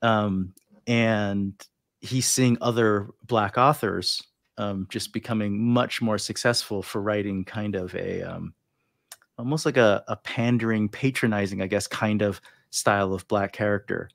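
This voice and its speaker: A man with a lowish voice hosting an interview, feeling his way through his questions with ums and restarts. The sound is dry and close. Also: fairly even intonation, a little slow, gravelly, no echo. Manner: hesitant and thoughtful, many ums and restarts. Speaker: host. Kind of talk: interview conversation. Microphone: livestream video call.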